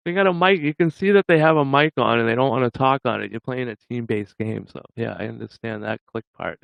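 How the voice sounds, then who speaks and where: A man's voice: mid-range voice, a little fast, creaky, dry recording, muffled recording. A man hosting a livestream, chatting casually with viewers in a rambling way and chuckling often. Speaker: livestream host.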